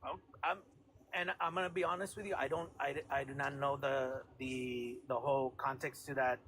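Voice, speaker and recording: Man from Texas, bright, defensive. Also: mid-range voice, steady tone, moderate pace, a little hiss or hum, low-quality recording. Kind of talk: casual debate.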